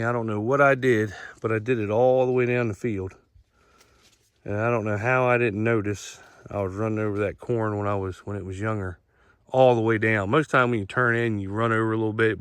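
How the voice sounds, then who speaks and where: A man's voice: lowish voice, a bit bright, smooth, no room sound. A middle-aged man with an Eastern Shore accent, a farmer walking a cornfield outdoors and explaining things plainly, repeating himself as he goes. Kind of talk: casual vlog walkthrough.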